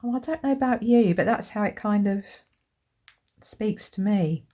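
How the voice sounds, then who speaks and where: Speaking at a normal speed in a mid-range voice, this woman runs a crafting channel. She talks to camera in a relaxed way, gets enthusiastic over her supplies, and leans heavily on tag questions.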